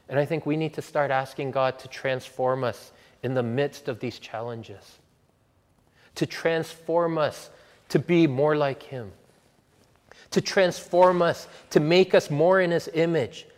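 Earnest male preacher in a reverberant hall. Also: fairly high pitch. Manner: earnest, emphatic preaching with slow, stressed repetitions. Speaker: pastor. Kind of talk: sermon and closing prayer.

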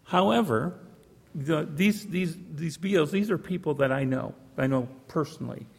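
A man's voice: fairly high pitch, moderate pace, gravelly, breathy edge, big-room sound. A man preaching a sermon, telling a folksy story with frequent restarts, in a church. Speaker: pastor.

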